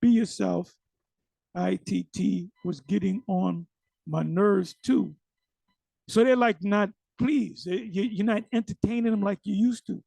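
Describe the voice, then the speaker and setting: A man's voice: sits high, measured pace, vocal fry, warm tone, slightly rough, no echo. A man giving casual, emphatic commentary on a sermon video. He often repeats words and uses slang.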